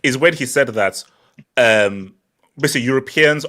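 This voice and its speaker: A man's voice: medium pitch, moderate pace, fairly bright tone. A man hosting a casual football chat over a video call, reading viewer comments aloud and teasing the others with lots of laughter.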